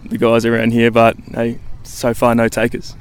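A young Australian college football punter, appearing as a radio guest by phone, speaks easily but haltingly, stumbling through fillers and restarts. His voice is mid-range, clear and resonant, delivered in a monotone.

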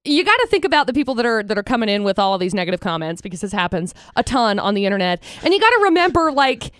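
A woman's voice: medium pitch, sing-song, very fast, fairly bright tone, clean tone, no room sound, studio quality. A woman co-hosting a radio show, chatting casually and telling a self-deprecating personal story. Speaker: radio co-host. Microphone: studio microphone.

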